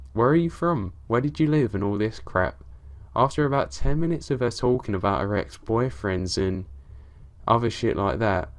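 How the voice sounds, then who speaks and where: Low-voiced man narrating a horror story. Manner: low-key, steady storytelling with casual swearing.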